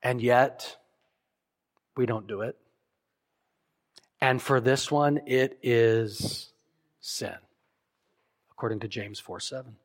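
A man preaching a sermon as pastor, emphatic and earnest, acting out imagined prayers and dropping to soft, solemn lines. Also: medium pitch, fairly even intonation, slow pace, pauses often. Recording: long hall reverb.

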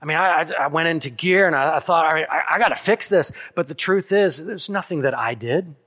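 Male pastor, sermon, earnest, soft on key lines, higher-pitched voice, long hall echo. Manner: earnest preaching, soft pauses on key lines, quick asides.

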